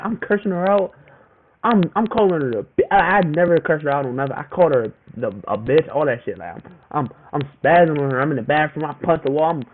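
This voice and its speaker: A young man telling a storytime to the camera in casual, profane slang, repeating himself as he goes. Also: a little high. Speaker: vlogger. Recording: tinny phone-like audio with faint noise.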